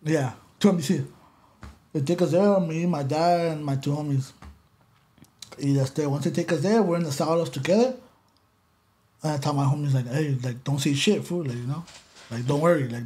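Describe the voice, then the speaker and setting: During a podcast interview, a Los Angeles-area man with a slightly high voice tells a casual story. He's animated, swears, and slips back and forth between Spanish and English.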